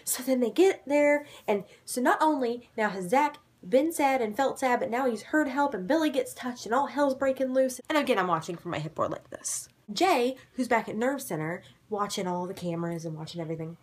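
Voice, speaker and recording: A young woman with a slightly husky, fairly high voice recaps a show in a chatty, excitable way. She lurches between loud, gleeful exclamations and hushed, dramatic whispers. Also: a little fast, hardly any pauses. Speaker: vlogger recapping a ghost-hunting show. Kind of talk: casual episode recap.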